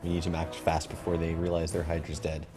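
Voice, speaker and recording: Deep-voiced man planning tabletop moves. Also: monotone, a little fast, warm tone, soft background music. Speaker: player. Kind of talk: casual tabletop play.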